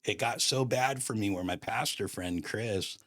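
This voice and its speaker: Low-voiced man telling a story. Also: measured pace, dry recording, studio quality. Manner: animated, emphatic, surfer slang like "dude". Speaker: podcast host. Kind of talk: casual personal storytelling.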